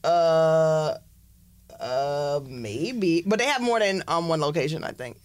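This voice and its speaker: A woman's voice: sits low, slow pace. A woman co-hosting a casual podcast, telling a story with frequent laughter. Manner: animated, laughs often, acts out quotes.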